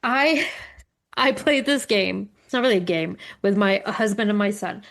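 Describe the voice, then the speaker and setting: On a podcast recorded with a studio microphone, a middle-aged woman co-host chats casually among friends in a mid-range voice at normal speed. She tells stories animatedly, swears freely, and acts out what others said.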